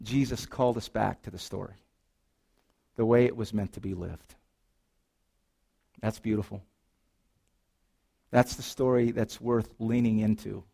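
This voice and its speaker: A middle-aged man as a pastor, preaching a sermon in a church, moving between lively storytelling and hushed, earnest reflection. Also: fairly low pitch, unhurried, creaky, pauses often. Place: church sanctuary.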